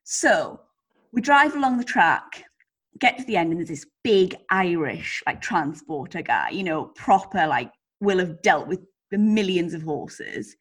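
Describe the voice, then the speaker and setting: Animated husky woman telling a story. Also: on the low side, unhurried. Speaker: podcast co-host. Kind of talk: casual chat.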